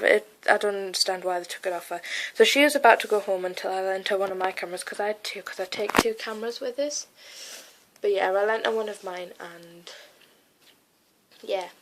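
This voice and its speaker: A woman's voice: mid-range voice, fairly bright tone, poor audio. A teenage woman talks straight into her webcam from her bedroom. She rambles and gushes, stringing her thoughts together with "like" and "oh my God", in a casual vlog. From United Kingdom. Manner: gushing, rambling, lots of "like" and "oh my God". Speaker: vlogger. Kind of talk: casual vlog recounting a concert.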